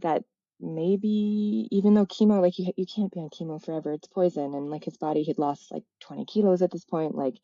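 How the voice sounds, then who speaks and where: A woman in her thirties telling a personal story as a podcast guest, halting and reflective, full of "like" fillers and self-corrections. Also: on the low side, fairly even intonation, warm tone, no echo, muffled recording. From United States. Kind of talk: candid personal storytelling in a casual interview.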